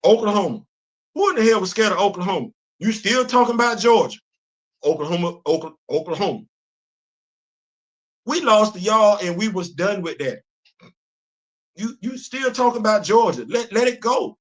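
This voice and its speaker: A man hosting a comedic live-stream commentary, talking in an animated, teasing, emphatic way. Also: high voice, moderate pace, long pauses. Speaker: host.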